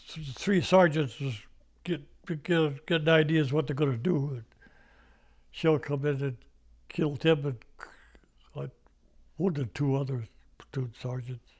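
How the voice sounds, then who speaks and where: An older American man telling war stories in an oral history interview, rambling with restarts and little chuckles. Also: a little high. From United States. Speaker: veteran interviewee.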